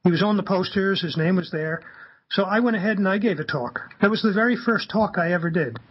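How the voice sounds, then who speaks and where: High-voiced husky man telling a story. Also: a little fast, muffled recording. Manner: animated, acts out quoted dialogue. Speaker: guest, campaigner. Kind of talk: anecdotal storytelling on a radio talk show.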